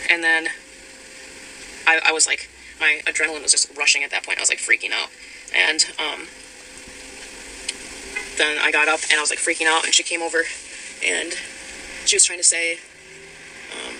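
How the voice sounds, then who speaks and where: A woman's voice: low-pitched, low-quality recording. A woman recounting a personal account in a voice note, hesitant, with many ums and restarts. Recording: voice note with loud background noise.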